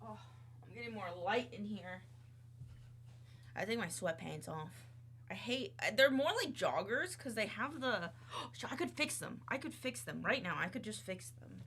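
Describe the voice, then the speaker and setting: Bubbly woman streamer, lively pitch. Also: normal speed, a little hiss or hum. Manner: bubbly, rambling, chatty with viewers. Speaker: VTuber streamer. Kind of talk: casual livestream chat. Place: home desk by a window. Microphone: desk mic on a boom arm.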